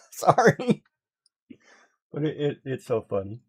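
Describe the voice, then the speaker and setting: A man chatting casually on a livestream, telling animated stories, laughing often and mimicking others. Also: medium pitch, slow, slightly rough. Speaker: guest on a craft livestream. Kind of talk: casual chat.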